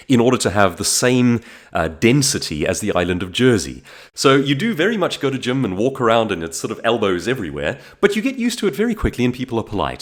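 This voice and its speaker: South african guy vlogging, lowish voice, pitch jumping all over as he tells stories. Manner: animated storytelling with frequent restarts. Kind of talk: casual monologue to camera.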